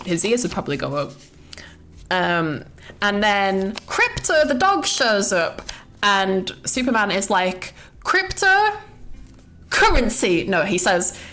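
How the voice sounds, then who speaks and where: A woman's voice: lowish voice, fairly bright tone, a little hiss or hum. A young woman streaming casual chat about a film she just saw, rambling, swearing freely and breaking into giggles.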